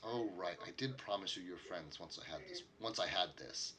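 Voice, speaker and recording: A man voicing a calm, soft-spoken official figure in a tabletop game. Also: low-pitched, crowd noise, voice pushed down, lightly acted. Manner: soft and unhurried.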